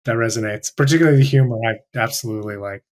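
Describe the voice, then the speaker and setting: A man's voice: medium pitch, rapid-fire. A man with a mid-range voice joins a casual podcast conversation. He agrees readily and laughs easily as he talks.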